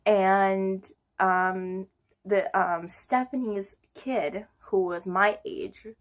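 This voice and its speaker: Slow, giggly young woman storyteller. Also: medium pitch, steady tone. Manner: chatty, giggly, full of "like" and "um". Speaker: vlogger. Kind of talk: casual storytelling.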